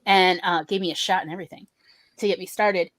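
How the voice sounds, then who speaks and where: A woman hosting a casual talk show, telling a personal story in a lively way and acting out other people's lines in shifting voices. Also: on the low side, a little fast. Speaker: podcast host telling a story.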